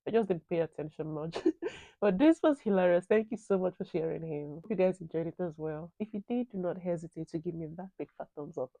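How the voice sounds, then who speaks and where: A woman's voice: lowish voice, fairly quick, vocal fry, dry recording. Woman chatting casually in a dry room. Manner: relaxed and chatty, laughs easily. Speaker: reaction video host. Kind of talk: casual reaction commentary.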